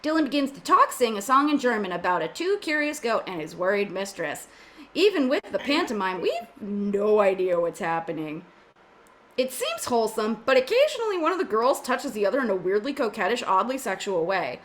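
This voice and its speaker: A woman's voice: mid-range voice, sing-song, fairly quick, a bit bright. A woman reading the stage directions aloud in an amateur script reading, adding joking asides as she goes.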